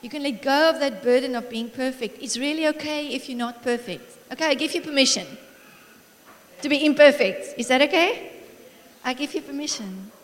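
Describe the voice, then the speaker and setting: A woman's voice: high-pitched, moderate pace. Encouraging woman preaching in an echoing hall. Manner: warm, encouraging, lively storytelling with frequent laughs. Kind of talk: sermon. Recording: long reverb of a large hall.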